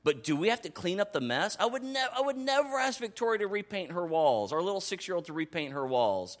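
A male pastor in his thirties preaches briskly with a high-pitched voice. His manner is chatty and animated, sinking to soft side comments before climbing to excited calls.

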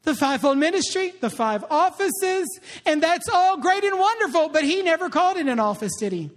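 A man preaching a sermon, lively and conversational, tossing in call-and-response asides to the congregation. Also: extremely high pitch, a little fast. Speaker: pastor.

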